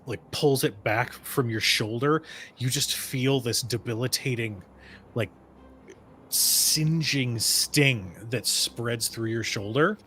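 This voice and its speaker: A man narrating as game master of a tabletop game, in a relaxed, measured way with fillers. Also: medium pitch, slight background noise.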